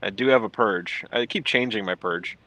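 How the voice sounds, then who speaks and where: A man chatting casually on a stream, telling stories quickly and acting out quotes. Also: on the low side, dry recording, rough recording. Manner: rapid, animated storytelling with acted-out quotes. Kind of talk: casual chat.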